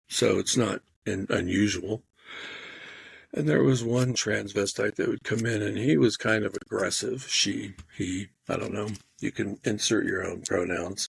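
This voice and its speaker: Raspy low guy with a gravelly voice, swearing and acting out what people said, dry sound. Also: dry recording. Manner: animated, swears freely, acts out quotes. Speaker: podcast guest storyteller. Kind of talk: casual storytelling chat.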